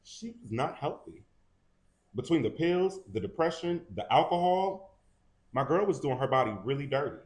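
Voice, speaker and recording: A man's voice: a little high, animated, moderate pace. A man co-hosting a casual gossip show, talking animatedly and acting out what people said in raised voices. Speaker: co-host. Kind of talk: casual celebrity gossip chat.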